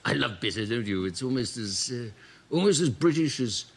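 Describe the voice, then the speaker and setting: A man's voice: mid-range voice, expressive, moderate pace, voice pushed down, close to an everyday voice. A man playing a cheery, tipsy posh royal of over sixty in a comedy sketch, rambling through pub banter, in a noisy recording. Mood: jolly.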